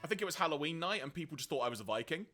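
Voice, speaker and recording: A man co-hosting a game stream, telling stories in a relaxed, chatty way and laughing often. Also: on the high side, rapid-fire, soft background music. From England. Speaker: streamer co-host. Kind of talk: casual chat while gaming.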